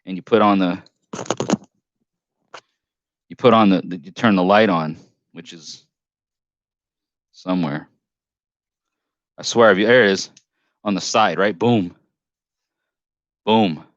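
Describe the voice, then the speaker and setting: A man's voice: low-pitched, slow pace, long pauses, no room sound, lo-fi sound. A man with a northern US accent hosting a casual live stream on a headset mic, telling a rambling story full of restarts and self-corrections.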